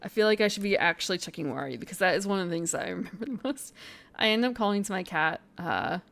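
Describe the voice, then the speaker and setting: A woman's voice: mid-range voice, fast talker, a bit bright. A woman streamer chatting casually on a live stream, thinking aloud, muttering to herself and sounding out foreign phrases.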